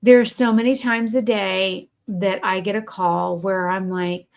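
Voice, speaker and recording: A woman's voice: mid-range voice, steady tone, measured pace, vocal fry. Blunt, chatty woman in her forties. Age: 40s. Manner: blunt and chatty, swears freely. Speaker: streamer. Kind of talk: casual gaming stream chat.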